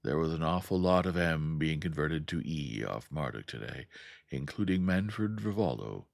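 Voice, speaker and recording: A man narrating a science fiction audiobook in a calm, steady way. His voice sits very low with a gravelly rasp. The sound is close and completely dry. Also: normal speed, no echo.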